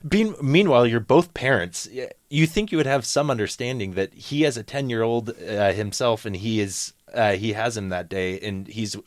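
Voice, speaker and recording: Measured man co-hosting, hesitant. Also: medium pitch, no room sound, studio quality. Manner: measured, hesitant, with many fillers. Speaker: podcast co-host. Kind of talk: casual chat. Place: studio.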